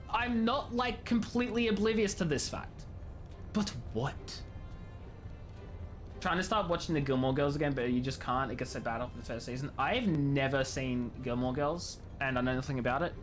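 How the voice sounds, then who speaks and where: This young man's voice is a little high and a bit bright. He's a game streamer giving loose live commentary, joking around, rambling and laughing a lot while game music runs in the background.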